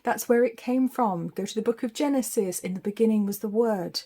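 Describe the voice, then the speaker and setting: A woman's voice: fairly high pitch, brisk, warm tone. A woman giving a weekly psychic tarot forecast in a chatty, spiritual way, laughing often.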